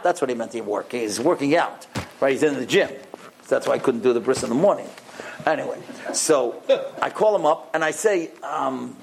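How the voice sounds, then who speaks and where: Gravelly-voiced rabbi telling animated stories. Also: male voice, medium pitch, a little fast, noisy background. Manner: animated storyteller who acts out dialogue. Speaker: rabbi and mohel. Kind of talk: storytelling talk.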